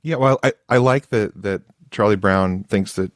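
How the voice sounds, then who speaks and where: Low-voiced man co-hosting a podcast. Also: no echo, studio quality. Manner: halting, restarts sentences, curious. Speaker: podcast co-host. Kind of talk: casual podcast chat.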